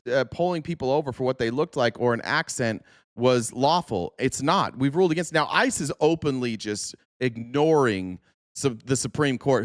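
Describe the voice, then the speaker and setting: A podcast host talks through news clips with blunt sarcasm and a lot of swearing. His voice sits at a middle pitch and is recorded close with a dry sound and no room echo. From Arizona, USA.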